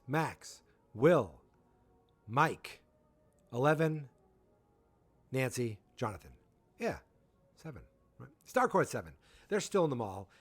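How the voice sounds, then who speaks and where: Animated man recapping a show. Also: medium pitch, no echo. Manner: animated storytelling with quick quoted impressions. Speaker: podcast host. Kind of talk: casual episode recap.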